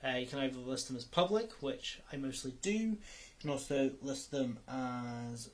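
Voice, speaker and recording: A man's voice: mid-range voice, animated, moderate pace. A young man rambling through a casual vlog, often stopping to correct himself and swearing now and then. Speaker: YouTuber.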